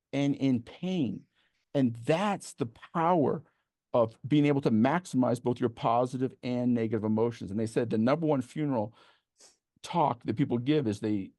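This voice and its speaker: A passionate man speaking to an online audience over a video call, telling stories with rising energy. His voice is warm and mellow, and the sound is dry and close. He stacks his points into emphatic lists and laughs as he talks. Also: medium pitch, no echo. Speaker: motivational speaker at an online event. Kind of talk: energetic storytelling talk.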